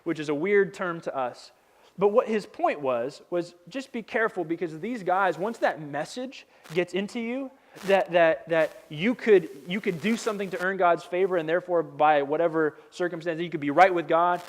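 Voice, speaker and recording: High-voiced man preaching casually. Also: moderate pace, a little hiss or hum. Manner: casual, humorous storytelling with slang. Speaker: pastor. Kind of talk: sermon.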